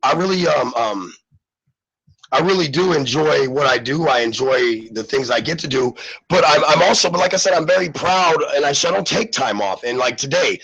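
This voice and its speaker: Congested, raspy radio host man. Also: fairly high pitch, lively intonation, normal speed, muffled recording. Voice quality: raspy, gravelly. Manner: loose, rambling, gives shout-outs to listeners. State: congested, sick voice. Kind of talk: casual live radio chat.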